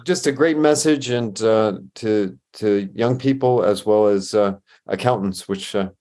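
A man with a somewhat low voice hosts a podcast interview. He moves through a round of quick-fire questions and responds with brief, affirming reactions. His delivery is easygoing and conversational. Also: warm tone. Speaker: podcast host.

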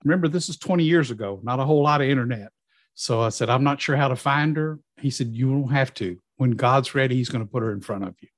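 A man's voice: medium pitch, fast, dry recording. Middle-aged male guest; vivid personal storytelling, quotes others in voice; dead-dry mic. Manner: lively storyteller, acting out quoted dialogue. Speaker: guest in recovery.

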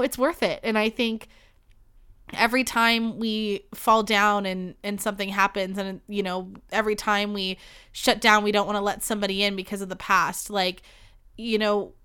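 A young woman hosting a podcast gives a candid monologue about her breakup, holding back tears, swearing and filling her speech with "like" and "you know." Her voice is medium-pitched, bright and forceful, with fairly even intonation, a normal pace and a clean tone.

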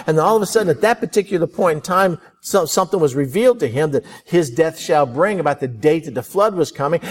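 A man preaching a sermon in an animated way, acting out prayers and quoted thoughts as he goes. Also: high-pitched. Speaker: pastor.

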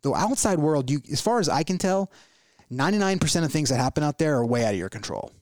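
A man's voice: fairly high pitch, animated, fast, a little mellow, no echo. A man hosting a podcast in casual motivational talk, earnest and repetitive, acting out worried inner voices in quoted asides. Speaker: podcast host.

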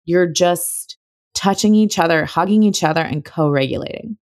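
Chatty woman podcast host, low voice. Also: normal speed, no room sound, clean studio sound. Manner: chatty and warm-hearted, breaks into laughs. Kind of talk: casual solo podcast talk.

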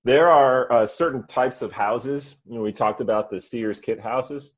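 A man's voice: mid-range voice, unhurried, breathy edge. A man in casual chat who rambles through loose stories full of fillers.

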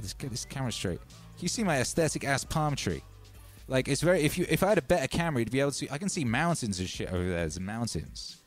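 Chill guy rambling on his live stream, shouting out chat, soft music behind. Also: mid-range voice. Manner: laid-back and rambling, reading out chat shout-outs. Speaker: livestream host.

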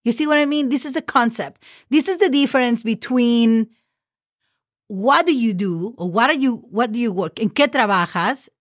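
A woman's voice: on the high side, normal speed, dry recording, clean studio sound. Patient woman teaching a language lesson. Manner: patient, spells words letter by letter; frequent "okay?" check-ins. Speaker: Spanish teacher.

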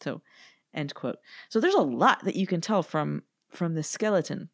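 A woman co-hosting a podcast, explaining in a measured way and reading passages aloud. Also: sits low, lively intonation, no room sound, clean studio sound. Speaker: podcast co-host. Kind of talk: casual chat and reading quotes.

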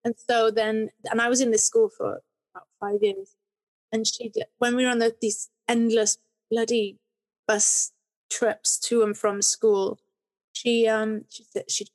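In a chatty podcast interview, this middle-aged guest recounts stories with lots of restarts and meandering sentences. Her voice is a little high, level in tone, and measured in pace.

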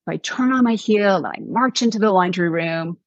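A middle-aged woman, a guest author, telling a personal story in a conversational, animated way, acting out what people said. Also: mid-range voice, brisk, dry recording, lo-fi sound. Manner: animated, acts out quotes.

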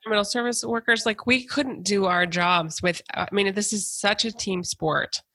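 A woman hosting a podcast, a nurse, chatting casually with her guest and listing colleagues quickly. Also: medium pitch, bright, forceful tone, no echo.

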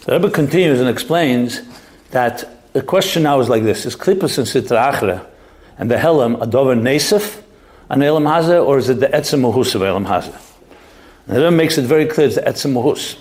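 Animated man teaching a Chasidic text. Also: brisk. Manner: reads Hebrew text, then explains in English with Yiddish phrases; animated, pitch jumps up when making a point. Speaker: Torah teacher.

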